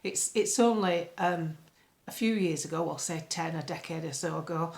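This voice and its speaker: A woman's voice: lowish voice, moderate pace, creaky, darkish tone. A woman talking casually to camera as a political commentator. She is blunt and sarcastic, and often sounds annoyed. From United Kingdom.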